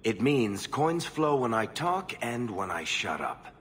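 A man's voice: medium pitch, very animated, measured pace, a bit bright, slight background noise. An actor playing a wry male dwarf storyteller in a video game, dry and sarcastic. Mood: sardonic. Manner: dry, sardonic.

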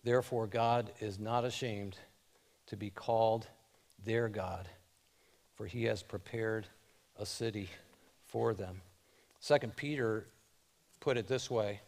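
Guy preaching, short measured phrases, voice lifts when he reads scripture. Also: on the low side, vocal fry, a little mellow. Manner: reads scripture aloud with rising emphasis. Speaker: pastor. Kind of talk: sermon.

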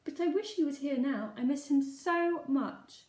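A woman voicing a sad, gentle young male shark in a storybook, speaking softly. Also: sits high, measured pace, roomy sound, voice pushed up.

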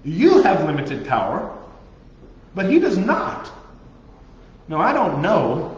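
A man preaching to a youth group, joking and animated, mimicking people's prayers. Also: sits high, takes it slowly. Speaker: youth pastor. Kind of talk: sermon. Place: youth group meeting room. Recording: echoey dull room recording.

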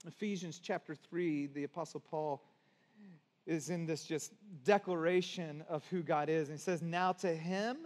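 A man with a notably high voice delivers a sermon as a pastor. He talks conversationally and rises to emphatic peaks. Long reverb from a large hall trails each phrase. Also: steady tone, normal speed.

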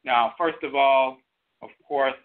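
A man's voice: medium pitch, steady tone, slow pace. A man hosting an internet radio show, lecturing in a didactic, emphatic way and repeating key phrases. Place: internet radio broadcast by phone. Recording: tinny phone-line audio.

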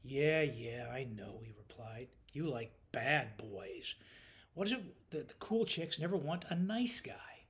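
A man's voice: mid-range voice, expressive, takes it slowly, hardly any pauses. A man voicing a whining, lovesick young male coworker in an audiobook. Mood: whiny.

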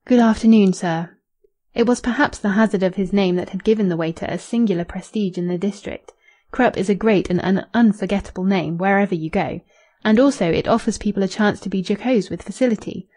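A woman narrating a classic novel as an audiobook, in an even, measured reading. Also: mid-range voice. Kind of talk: scripted narration.

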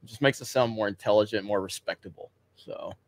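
A man speaking as a podcast guest in casual chat, enthusiastic and quick to laugh. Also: on the low side, no echo.

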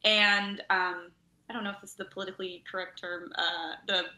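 Animated woman telling camp stories. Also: mid-range voice, fairly quick, roomy sound. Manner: animated storyteller, acts out voices. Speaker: camp travel director and nurse. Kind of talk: podcast interview.

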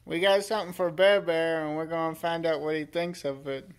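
A woman's voice: low voice, fairly even intonation, brisk, clean tone. A woman filming her dog at home, coaxing and praising it with frequent laughter. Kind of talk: casual home video chat.

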